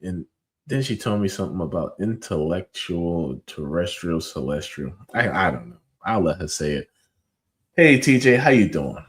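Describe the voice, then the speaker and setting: A man hosting a podcast, telling an animated story in a casual, slangy way with lots of fillers. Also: sits low, normal speed. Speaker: podcast host.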